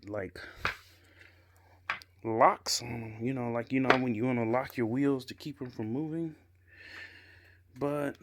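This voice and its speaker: Against background noise, a medium-pitched man from the Chicago area reviews a gaming chair as he builds it at home. Recorded on a handheld camera mic, the unscripted review is chatty and rambling, studded with "I guess" and "you know."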